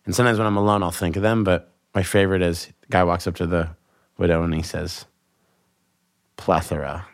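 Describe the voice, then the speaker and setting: A comedian, a man, chatting as a podcast guest and telling jokes in an animated way with quick asides. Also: low-pitched, clear, resonant tone. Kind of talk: casual podcast conversation.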